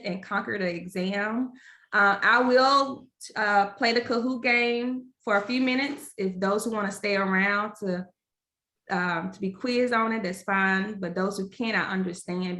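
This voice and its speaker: A woman's voice: medium pitch, sharp tone, echoey room. A woman presenting an exam-prep workshop, talking casually and encouragingly with lots of fillers. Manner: encouraging, conversational, many fillers. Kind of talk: informal workshop teaching.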